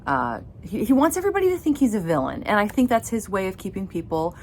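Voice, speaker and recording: A woman's voice: medium pitch, big pitch swings, fast talker, darkish tone, slight background noise. A woman in her thirties chatting enthusiastically at home, recapping a romance novel for her reading vlog. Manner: enthusiastic, laughing as she recaps. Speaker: book vlogger. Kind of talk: casual reading vlog chat. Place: her home library and playroom area.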